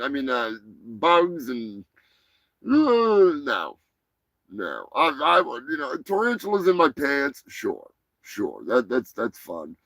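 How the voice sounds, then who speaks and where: A rowdy man hosts a live show and riffs on weird news with profane, mocking jokes. His voice sits a little high, and soft music plays faintly behind him. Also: dry recording, low-quality recording. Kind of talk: crude comedic news chat.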